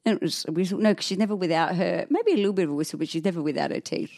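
Woman in her thirties, podcast co-host, lively storyteller who laughs a lot, dry close sound. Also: on the low side, racing, dry recording. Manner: laughs often, animated storytelling. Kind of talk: casual chat.

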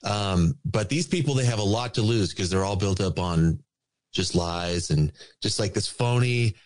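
Emphatic man ranting on a podcast. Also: lowish voice. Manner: emphatic, repetitive, drawn-out ranting. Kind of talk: casual podcast rant.

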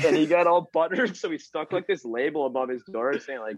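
A young man with a stuffy nose, excitedly telling stories in a casual podcast chat and laughing as he goes. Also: a little high, a little fast, no room sound. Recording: dull, dry lo-fi sound.

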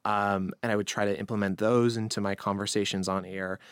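Male podcast host, faint Long Island accent, lowish voice, relaxed chatty delivery, dry close recording. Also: brisk, smooth, no room sound. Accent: light Long Island. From New York, Long Island. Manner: relaxed, chatty, many restarts. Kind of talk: conversational interview.

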